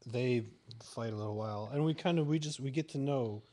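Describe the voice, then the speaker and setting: A man co-hosting a casual podcast, talking in a relaxed, rambling way with many fillers. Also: medium pitch, a little fast. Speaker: podcast co-host. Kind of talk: casual chat.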